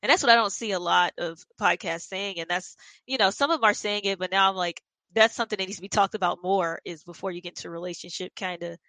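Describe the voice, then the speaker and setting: A woman's voice: mid-range voice, quick pace, sharp tone, no room sound. A woman hosting a podcast, talking casually and reflectively with short reactions. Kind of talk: podcast conversation.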